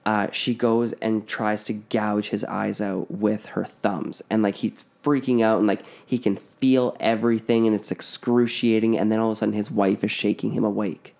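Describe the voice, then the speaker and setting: Low gravelly dude casually telling a creepy story, lots of "like" and "uh", mellow dark voice. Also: male voice, normal speed, few pauses. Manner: relaxed, filler-heavy, frequent "like".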